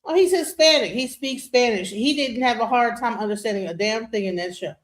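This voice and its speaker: A woman host reacts to played clips, her fairly high voice emphatic and full of disbelief. She stresses her points hard and repeats them to drive them home. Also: brisk. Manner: animated, incredulous, emphatic. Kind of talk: reaction commentary.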